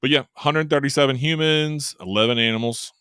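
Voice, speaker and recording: A man's voice: medium pitch, a little fast, pushed and bright, smooth, no echo, studio quality. A man co-hosting a podcast, rambling through a casual recap with amused laughs. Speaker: podcast co-host. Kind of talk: casual chat recapping a horror film.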